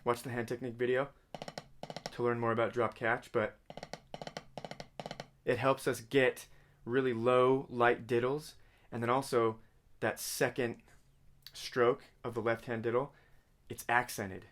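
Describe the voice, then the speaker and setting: With a mid-range voice and a flat delivery, a man gives a casual drum lesson at a measured pace with long pauses. He sings drum patterns using vocal syllables, counts beats, and calls out right and left stickings. Drums and music play in the background.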